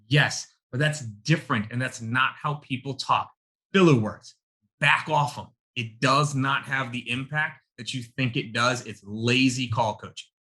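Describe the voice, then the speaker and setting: A man's voice: medium pitch, a little slow, bright, forceful tone. A man teaching a live sales-coaching webinar, emphatic and punchy, calling his audience y'all.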